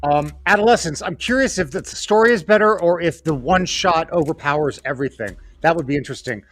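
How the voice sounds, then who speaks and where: A man on a comedy panel giving blunt, relaxed opinions one after another. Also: fairly high pitch, a little fast, no echo. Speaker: panel guest. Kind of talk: casual comedic hot takes.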